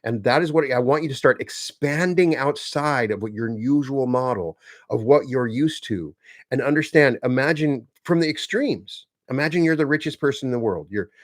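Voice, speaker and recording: A man's voice: medium pitch, expressive, dry recording. Earnest man teaching with dry sound. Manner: earnest, slow and emphatic, repeats phrases for stress. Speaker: self-help teacher. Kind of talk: motivational teaching talk.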